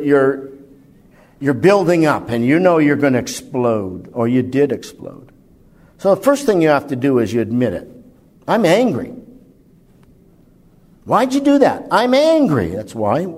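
Man preaching with wide swings in voice. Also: darkish tone. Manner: conversational, asks the audience questions; pitch and volume swing widely for emphasis. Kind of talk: sermon.

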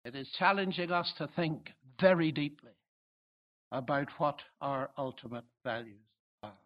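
A man with a high voice preaches a sermon in an emphatic, swelling way. The recording is dull and lo-fi. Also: unhurried. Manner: emphatic, swelling to loud exclamations.

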